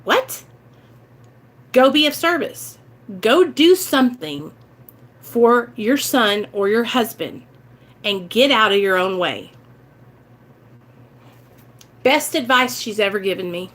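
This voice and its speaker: A woman's voice: medium pitch, animated, unhurried, a bit bright. A woman with a Midwestern American accent talking earnestly and emotionally to her viewers in a casual livestream chat about recovery. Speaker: recovery vlogger.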